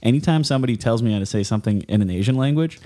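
A man's voice: mid-range voice, lively intonation, rapid-fire, mellow. A man co-hosting a podcast in casual, rambling chat, laughing often and filling with "like". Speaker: podcast co-host.

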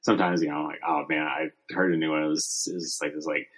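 A man co-hosting a podcast, talking in a deadpan, rambling way with many fillers. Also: rumbling low, fast. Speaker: podcast co-host. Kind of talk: casual comedic chat.

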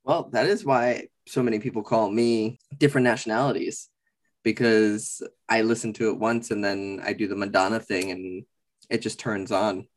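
A man's voice: lowish voice, fairly even intonation, normal speed. A man co-hosting a podcast in casual chat, playful and theatrical in how he talks. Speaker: podcast co-host.

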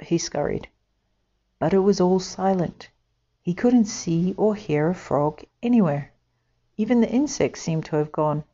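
A woman reading a children's storybook aloud in a slow, gentle, expressive way. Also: sits low. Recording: slightly dull lo-fi audio.

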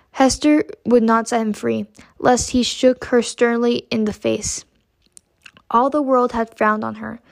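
Woman reading a classic novel, higher voice. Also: gravelly. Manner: steady measured reading with occasional slips. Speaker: audiobook reader. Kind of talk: classic novel read aloud.

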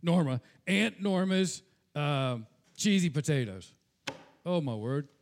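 A man's voice: on the high side, animated, slow, a little hiss or hum. Earnest man preaching a sermon. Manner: earnest preaching with conversational asides; repeats words and restarts when speaking off the cuff. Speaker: pastor.

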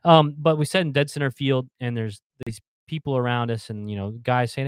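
Man, thirties, lively storyteller, repeats himself, dry close sound. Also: mid-range voice, a little fast, clean tone, dry recording. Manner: animated storyteller, repeats words, acts out the yelling fans. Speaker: fan telling a story. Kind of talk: casual chat on a video call.

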